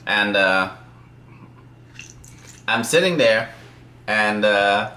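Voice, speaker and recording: A man who works as a software developer tells a work story in a loose, rambling way, with many fillers and small chuckles. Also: lowish voice, lively intonation, very slow, reverberant. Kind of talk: casual storytelling.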